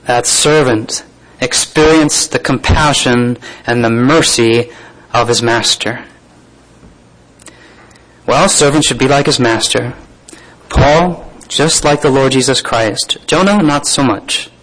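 A man's voice: mid-range voice, takes it slowly, low-quality recording. A man preaching a sermon to a room of listeners, reading scripture aloud and breaking off into plain spoken asides and questions. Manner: reads scripture then comments with asides and soft laughs.

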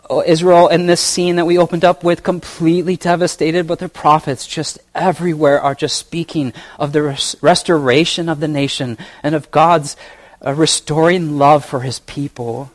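Male preacher, slightly high voice, earnest and deliberate sermon delivery with quiet chuckling asides. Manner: earnest, slow emphatic reading of scripture with soft asides and chuckles.

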